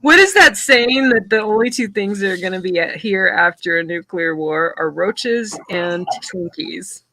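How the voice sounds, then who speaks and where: A woman's voice: medium pitch, lively intonation, moderate pace, bright, forceful tone, dry recording. A woman host chatting casually and telling her stand-up jokes, laughing often. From Southern United States. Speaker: comic artist and stand-up comedian hosting a stream. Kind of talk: casual chat.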